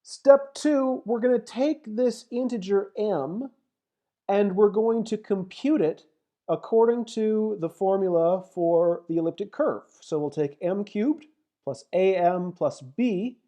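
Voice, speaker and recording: Slow, methodical woman lecturer. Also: medium pitch, dark tone. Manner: methodical, thinks aloud while typing and reading out numbers. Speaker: mathematics lecturer. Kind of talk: screen-recorded lecture walkthrough.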